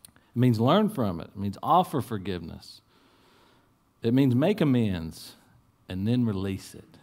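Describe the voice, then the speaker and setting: A man's voice: very animated, unhurried. A man preaching earnestly in church. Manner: earnest, swings from soft low asides to raised urging. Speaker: pastor. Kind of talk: sermon.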